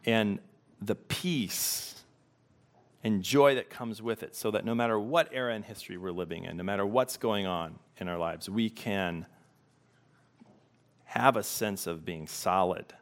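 A man preaching a sermon as pastor, reflective and unhurried, pausing to let questions sink in. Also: on the low side.

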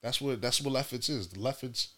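Medium in pitch and a little fast, this man co-hosts a casual podcast. Telling a story with lots of energy, he performs the characters' lines in raised voices.

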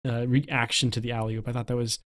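Male co-host, mid-pitch, casual chatter with fillers and easy laughter. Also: level tone, a little fast, fairly bright tone. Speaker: podcast co-host. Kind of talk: casual film discussion.

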